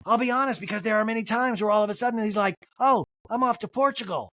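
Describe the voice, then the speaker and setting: A woman's voice: on the high side, fast talker, fairly bright tone, dry recording, clean studio sound, voice pushed up, natural voice. A woman doing a light impression of an earnest reality-show star, chirpy and a touch defensive.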